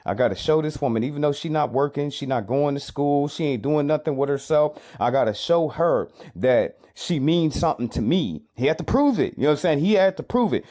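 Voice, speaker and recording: A man's voice: on the high side, animated, brisk, hardly any pauses, mellow. Emphatic man giving commentary. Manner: emphatic, repetitive, frequent rhetorical questions. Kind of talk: reaction commentary.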